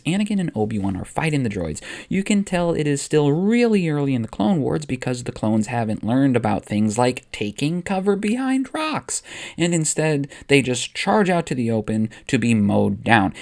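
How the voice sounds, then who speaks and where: A man hosting and narrating a comic story in a brisk, playful way. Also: medium pitch, creaky. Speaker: host and narrator.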